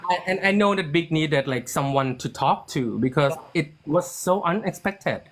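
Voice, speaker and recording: During a relaxed interview, a man who writes and produces a series tells a story at normal speed. He performs the dialogue he quotes with a widely varying pitch, and his talk is loose and chatty, packed with restarts and "like."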